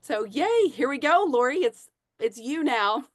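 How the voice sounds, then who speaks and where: Chatty excited woman telling her story on a team call, dry sound. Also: sits high, measured pace, no echo. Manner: gushing, chatty, many fillers. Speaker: network marketing leader. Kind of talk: personal testimony to a team.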